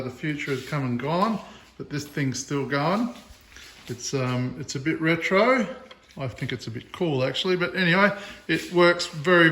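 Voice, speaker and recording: Chatty farmer, fairly high voice. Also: male voice. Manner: relaxed, chatty, with fillers. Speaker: farmer and video host. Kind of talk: casual how-to demonstration.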